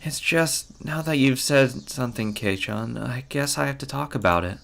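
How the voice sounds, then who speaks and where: Brief: male reader doing a hesitant, quiet tomboy teen girl from a visual novel, with a gravelly edge. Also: medium pitch, moderate pace, slight background noise, voice pushed up.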